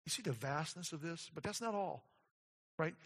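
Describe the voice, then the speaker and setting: A man preaching a sermon as a pastor, moving from quiet explanation to emphatic declarations. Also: on the high side, animated, normal speed, in a large hall.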